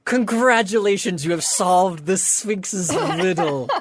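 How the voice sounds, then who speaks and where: A woman's voice: fairly low pitch, takes it slowly, a little hiss or hum, pitched above the performer's own voice. A woman voicing a perky sphinx helper. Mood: cheerful. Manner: bubbly, eager to help.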